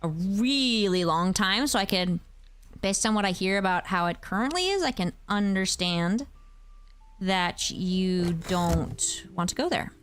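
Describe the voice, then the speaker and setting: A woman in her thirties from the United States, chatting casually with her viewers while she plays a game, with animated exclamations. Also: medium pitch, unhurried, clear, resonant tone, faint music behind. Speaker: game streamer. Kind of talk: casual chat while gaming.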